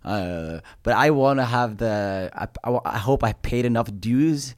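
A man's voice: medium pitch, measured pace, smooth, dry recording, studio quality. A young adult man, a comedian guest, telling stories in a casual chat, swearing freely and laughing often. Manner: animated, swearing anecdotes with laughter.

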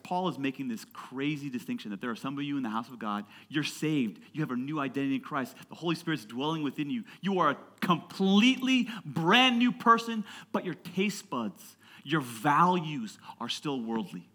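A pastor in his thirties delivers a sermon to his congregation, pausing to have them repeat words back. His voice sits high and sounds bright and forceful. He builds from plain talk into loud, passionate peaks. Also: expressive. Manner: call-and-response with the congregation. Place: church before a congregation.

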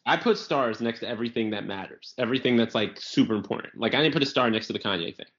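Animated, swearing man on a lo-fi podcast. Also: mid-range voice, quick pace. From New York area. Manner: animated storyteller, acts out quotes, swears freely. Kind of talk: casual comedic chat. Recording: slightly dull lo-fi audio.

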